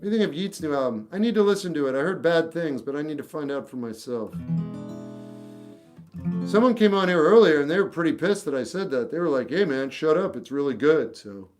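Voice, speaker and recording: A man with a slightly high voice chats casually on a livestream from his room at home. He answers viewers bluntly and with strong opinions, speaking off the cuff. Faint music plays behind him. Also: lively intonation, fairly quick. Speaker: livestream host answering chat. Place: home room with a record collection.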